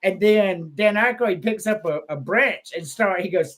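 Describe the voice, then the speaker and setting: A man on a casual podcast retells comedy scenes with gusto. His voice sits high and he bursts into loud acted-out lines. He swears freely as he talks. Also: moderate pace. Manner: animated, swearing, acts out quotes in loud voices. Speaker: podcast co-host.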